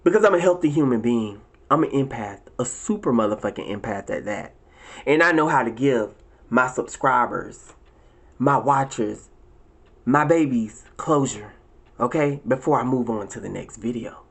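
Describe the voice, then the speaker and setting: Male vlogger, profane and preachy rant, emphatic, with shrill high-pitched outbursts. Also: lively intonation, normal speed. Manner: leaps into high, shrill exclamations. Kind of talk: casual ranting monologue to viewers.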